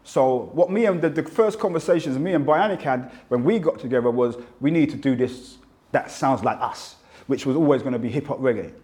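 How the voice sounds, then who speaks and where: London man in his fifties, animated interview guest, middle-range voice. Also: mid-range voice, a little fast. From England. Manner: animated storyteller, acts out quotes. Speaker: interviewee, rapper. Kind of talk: reflective interview talk.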